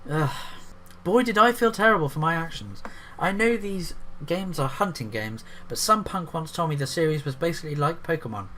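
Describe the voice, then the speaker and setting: A man's voice: fairly high pitch, expressive, moderate pace, pushed and bright, slight background noise. A man reading an article aloud and breaking off into sarcastic, profane commentary. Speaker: YouTube commentator.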